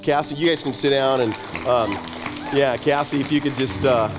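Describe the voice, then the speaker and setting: Male church host, mid-pitched, loose and jokey intro; music bed clearly audible. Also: steady tone, normal speed, poor audio. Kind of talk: casual introduction. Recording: music playing underneath.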